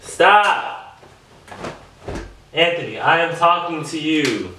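A man's voice: mid-range voice, normal speed, a bit bright. A man vlogging at home, nagging and exasperated, repeating himself over and over. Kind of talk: casual prank video talk. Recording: echoey room, mic far off, faint noise.

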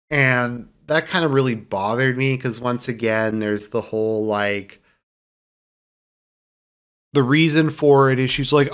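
A man giving a casual, opinionated film review, rambling with many fillers and restarts and turning sarcastic at times. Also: medium pitch. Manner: sarcastic when mocking views he dislikes.

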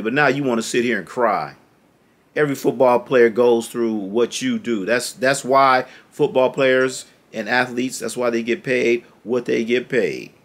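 A man's voice: medium pitch, fairly bright tone. A man ranting to the camera as a sports fan, scolding and sarcastic, repeating his points over and over.

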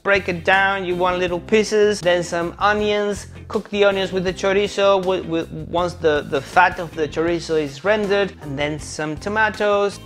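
A man from Venezuela with a Venezuelan Spanish accent and Spanish as his first language, hosting a comedic cooking show in a playful, chatty way. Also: high voice. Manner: playful and chatty, jumps between excitement and mock apology.

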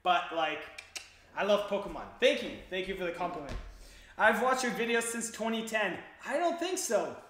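A man's voice: high voice, normal speed, fairly bright tone, echoey room. A young Canadian man with a native French background, chatting casually on a livestream and reading out chat, with lots of fillers.

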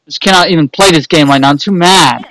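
High-voiced frustrated man commenting on gameplay. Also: fast talker, a bit bright, low-quality recording. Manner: frustrated, rambling, talks to himself. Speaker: gaming video host.

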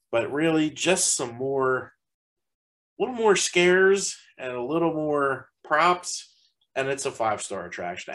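A man's voice: medium pitch, a bit bright, poor audio. Man rambling through a casual review. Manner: rambling, heavy use of "like" fillers. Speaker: haunted attraction reviewer.

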